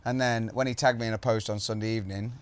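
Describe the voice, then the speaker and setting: A man with a Birmingham accent, hosting a casual podcast chat and telling sweary, animated stories. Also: fairly low pitch, fast, clear, resonant tone. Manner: sweary, storytelling with put-on voices. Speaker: podcast host.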